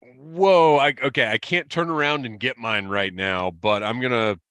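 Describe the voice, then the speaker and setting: A man co-hosting a podcast in casual chat, animated and quick to exclaim. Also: medium pitch, smooth, dry recording, studio quality. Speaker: podcast co-host.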